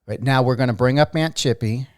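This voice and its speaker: A man's voice: medium pitch, fairly quick, no echo, studio quality. A man with an East Coast American accent, hosting a casual interview in a chatty, enthusiastic way. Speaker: host.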